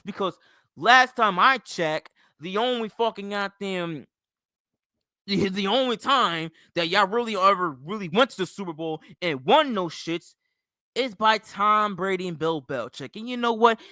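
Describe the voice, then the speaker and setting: High, bright-voiced man on a profane rant. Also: animated, measured pace, no echo. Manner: heated, profane, repetitive, mocking. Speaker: comedic ranter.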